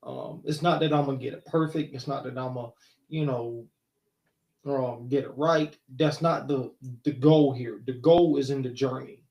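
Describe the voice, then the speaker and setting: A man with a gravelly, creaky voice hosts a casual podcast chat, thinking aloud with hesitant pauses and restarts. His voice sounds roomy, with a noticeable echo around it. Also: mid-range voice, fairly even intonation, a little mellow. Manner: thoughtful, hesitant, many fillers and restarts. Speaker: host; counselor.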